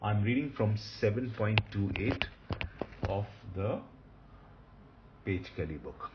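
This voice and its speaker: A man teaching Hebrew grammar in a recorded lecture, patient, repeating key points and often pausing with fillers. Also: lowish voice, lively intonation, dull audio, very noisy.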